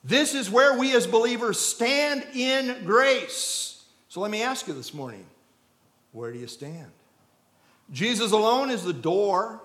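A man preaching a sermon, telling an illustration story and building to loud, emphatic peaks. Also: high-pitched, lively intonation, a little slow. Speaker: pastor.

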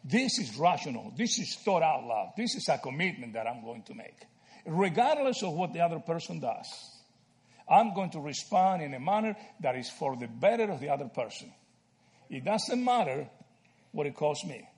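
A man from Argentina teaching a Bible study, animated and checking in with "right?" and "okay?" as he explains. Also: a little high, normal speed.

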